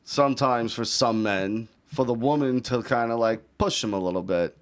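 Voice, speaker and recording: A man's voice: medium pitch, normal speed, clear, resonant tone. A man hosting a casual talk show, blunt, crude and joking. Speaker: host. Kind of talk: casual chat.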